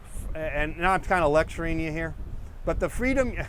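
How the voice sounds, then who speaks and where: A middle-aged man with a slightly high voice rambles easily to his viewers, wandering from one tangent to the next. He sounds relaxed and unscripted, and faint street traffic hums behind him. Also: moderate pace. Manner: rambling, digressive, easygoing. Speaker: painting show host. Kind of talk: casual rambling chat to viewers.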